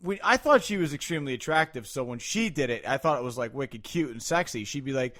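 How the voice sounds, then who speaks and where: A man with a Rhode Island accent, hosting a podcast in loose casual chat, animated and swearing freely. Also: medium pitch, fast, no echo, clean studio sound. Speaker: podcast host.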